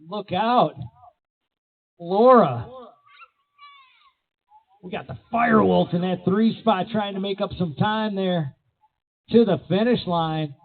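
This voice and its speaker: A man announcing races live at an outdoor BMX track, with energetic play-by-play full of rider nicknames. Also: sits high, takes it slowly, gravelly, pauses often. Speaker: race announcer. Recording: tinny, phone-like sound.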